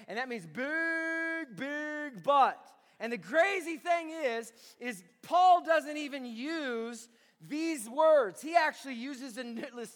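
A man preaching a sermon to a congregation, swinging from quiet conversational talk to loud shouting. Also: very high-pitched. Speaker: pastor. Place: large room with congregation. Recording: long hall reverb.

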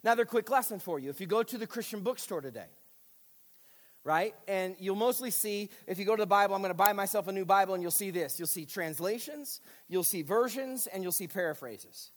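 Male pastor, high pitch, explaining patiently, lingering reverb around him. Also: expressive, a little fast. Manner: explanatory, speaks directly to listeners with frequent checks. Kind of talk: teaching sermon.

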